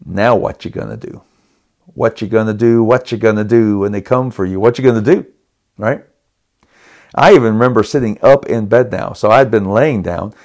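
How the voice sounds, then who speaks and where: A middle-aged man hosting a podcast, telling a personal story in an animated, dramatic way with chuckles and restarts. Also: fairly low pitch, normal speed. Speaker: podcast host.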